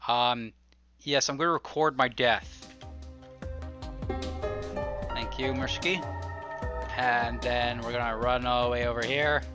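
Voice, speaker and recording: A man's voice: mid-range voice, steady tone, slow pace, long pauses, over music. A young man doing let's play commentary, playful and mock-ranting, humming his own sound effects. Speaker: gameplay YouTuber.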